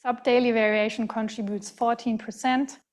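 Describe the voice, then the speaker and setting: A woman with a German accent gives an academic lecture in a large hall. Her voice sits a little high, and her delivery is careful and halting, full of fillers and restarted words. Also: flat delivery.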